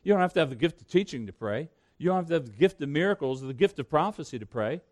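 A man's voice: on the high side, animated, fast talker. A man preaching a sermon as pastor, earnest and reading scripture aloud to his congregation.

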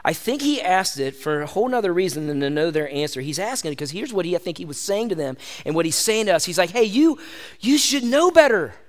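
High-voiced man preaching a lively sermon. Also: fast talker, few pauses. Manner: animated, conversational preaching, calls the audience "gang". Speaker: pastor.

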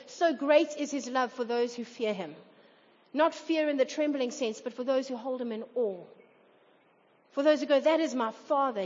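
High-voiced woman preaching a sermon. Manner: earnest, acts out quoted voices. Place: church hall. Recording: dull reverberant hall recording.

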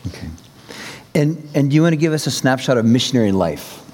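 A man's voice: mid-range voice, very animated, a little fast, a little mellow. A man interviewing a missionary, prompting him with brief questions.

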